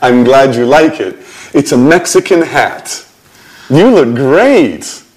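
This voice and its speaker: A friendly American flatmate. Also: male voice, medium pitch. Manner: slow, clearly enunciated lines. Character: friendly young American man, new flatmate. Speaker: actor in a language-course drama. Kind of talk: scripted drama dialogue for learners.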